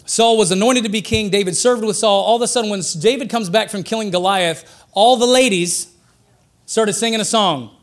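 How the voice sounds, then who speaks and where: A man preaching a sermon in a conversational, joking way, getting louder and quicker when he makes a point. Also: high-pitched. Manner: conversational and joking, rising excitedly for emphasis.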